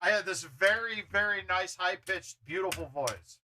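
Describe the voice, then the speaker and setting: A man hosting a gaming livestream, chatting casually, loud and blunt, swearing freely. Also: sits high, normal speed, background noise. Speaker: livestream host.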